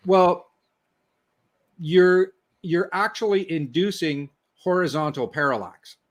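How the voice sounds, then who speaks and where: An older man with a slightly high voice explains technical history as a guest engineer. He talks in loose, self-interrupting runs, blunt and casual with the odd swear word. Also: slow pace, dull audio.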